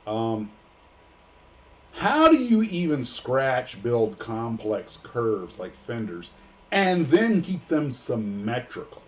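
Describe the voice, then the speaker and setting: A man's voice: mid-range voice, very animated, takes it slowly. An American man hosting a casual livestream, joking and rambling with plenty of fillers. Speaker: livestream host.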